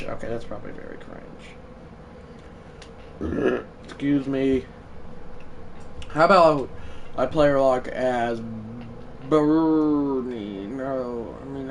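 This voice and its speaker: A man streaming a baseball video game live, chatting loosely and bursting into shouted play-by-play calls. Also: medium pitch, far from the mic, a little hiss or hum, rough recording. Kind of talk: live gaming stream commentary.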